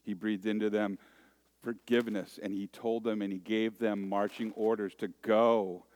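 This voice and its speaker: A man's voice: lowish voice, flat delivery, moderate pace, darkish tone. A man in his forties preaching a conversational sermon, joking and self-deprecating as he tells stories. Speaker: pastor.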